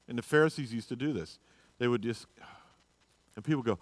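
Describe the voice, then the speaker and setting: A man teaching a casual Bible class in church, chatty and joking, dropping to quiet asides and rising to loud bursts. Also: mid-range voice, fast talker, no echo.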